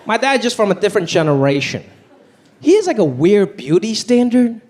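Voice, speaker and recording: A young man from Los Angeles doing an animated stand-up set on a comedy club stage into a handheld mic, rising to near-shouts on punchlines. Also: high-pitched, brisk. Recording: live club, audience noise.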